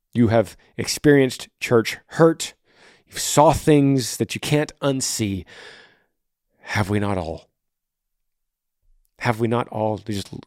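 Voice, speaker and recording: Guy hosting a faith podcast, super passionate, goes quiet then loud, dry close mic. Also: medium pitch, no echo. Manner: passionate, swings between hushed and raised voice. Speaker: podcast host. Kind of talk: answering a listener question on faith.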